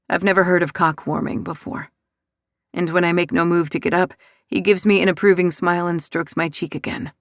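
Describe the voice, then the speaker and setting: A woman narrating a first-person romance audiobook in a soft, intimate, unhurried way. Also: fairly low pitch, steady tone, gravelly, dry recording, clean studio sound.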